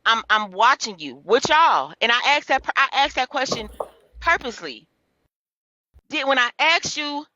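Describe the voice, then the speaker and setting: A woman's voice: high voice, animated, moderate pace, bright, forceful tone, no room sound, dull audio. A woman venting in heated casual livestream chat, profane and repeating herself as she talks.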